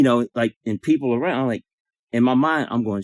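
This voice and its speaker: A man in a support circle telling an emotional personal story, acting out the dialogue in lively bursts and swearing now and then. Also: mid-range voice, fairly quick, dry recording, clean studio sound. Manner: animated, acts out dialogue, swears.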